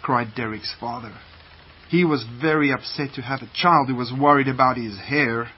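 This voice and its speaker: A man reading a children's story aloud on the radio in a slow, gentle read-aloud manner. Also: mid-range voice, steady tone, husky. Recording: muffled lo-fi radio, faint hiss.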